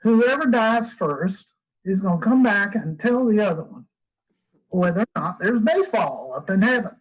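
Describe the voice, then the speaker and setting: A man's voice: high voice, expressive, moderate pace, breathy edge. A man voicing a folksy old retired male baseball player with a put-on Southern drawl, over muffled video call audio.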